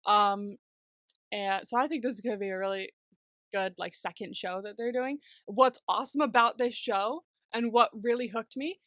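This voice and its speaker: A young adult woman co-hosting a podcast in casual chat, excitable, swearing freely and laughing often. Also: medium pitch, normal speed, dry recording, clean studio sound. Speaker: podcast co-host.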